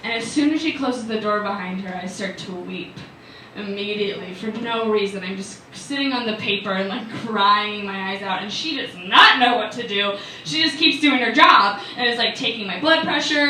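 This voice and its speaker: A woman's voice: medium pitch, moderate pace, pushed and bright, slight background noise. A young woman in her twenties doing chatty, self-deprecating stand-up storytelling in a living room, with lots of "like" fillers, while a small audience laughs. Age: 20s. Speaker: stand-up comedian. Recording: echoey room, mic far off.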